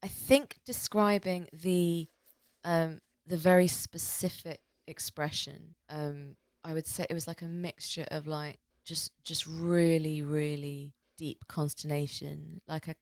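Low-voiced woman telling a rambling story. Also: level tone, measured pace, darkish tone, no room sound, clean studio sound. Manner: rambling, many fillers and restarts. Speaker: podcast co-host. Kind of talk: casual chat, storytelling.

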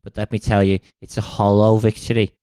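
A man's voice: on the low side, little pitch movement, brisk, mellow, clear, resonant tone, no echo, close to an everyday voice. A man doing a preachy Scouse ancient king. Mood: earnest lecturing. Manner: preachy, matey. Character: Scouse ancient king giving a youth anti-sacrifice talk.

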